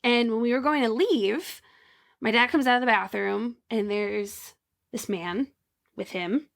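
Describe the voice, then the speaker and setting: Young woman podcast co-host, high voice, chatty animated storyteller. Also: measured pace, vocal fry. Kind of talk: casual chat, storytelling.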